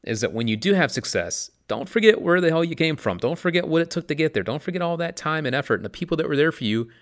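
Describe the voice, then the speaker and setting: A podcast host with a fairly high voice speaks fast with big pitch swings. On his own show he gives a casual motivational talk about mindfulness, upbeat, chatty and emphatic.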